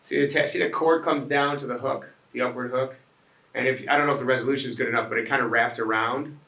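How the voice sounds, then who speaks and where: A man gives a loose, rambling talk to an audience, his voice bright and slightly forceful. The sound is roomy, caught from a distance off the mic. He keeps restarting phrases and throwing in asides to the listeners. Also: medium pitch, fairly even intonation, fast, vocal fry. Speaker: restaurant owner giving a design talk. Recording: echoey room, voice picked up from a distance.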